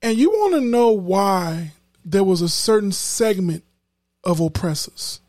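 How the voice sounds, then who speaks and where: Emphatic high-voiced podcast host. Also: male voice, lively intonation, a little slow, a little mellow, no echo, clean studio sound. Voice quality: emphatic, preacherly, repeats words. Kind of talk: casual commentary.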